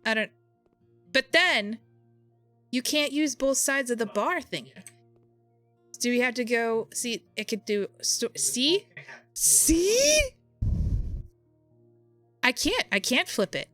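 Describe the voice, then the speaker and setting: Woman streamer, lively and exasperated, dry close mic. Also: fairly high pitch, a little slow, long pauses, no echo, soft background music. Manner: exasperated, thinking aloud, answering chat. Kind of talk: casual live-stream chat while playing.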